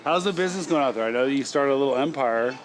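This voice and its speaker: A man's voice: mid-range voice, quick pace, poor audio. A man hosting a casual interview, mostly chiming in with short encouraging remarks in a lounge bar. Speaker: host.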